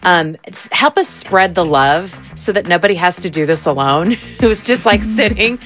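A woman's voice: fairly low pitch, expressive, normal speed, music in the background. Female podcast host wrapping up. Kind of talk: casual chat and show wrap-up.

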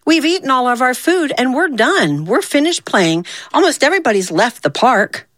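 A woman's voice: sits high, big pitch swings, normal speed, fairly bright tone, no room sound, pitched above the performer's own voice, full character voice. Woman doing a little girl ant, hardworking, scolding, sing-song, dry sound.

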